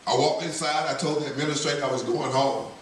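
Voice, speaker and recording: A man's voice: on the high side, steady tone, quick pace. A man tells his testimony to a banquet crowd with earnest, story-driven delivery. His voice echoes heavily around a large hall and sounds distant from the microphone. A faint hiss sits under the recording. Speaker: banquet speaker. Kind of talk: testimony speech.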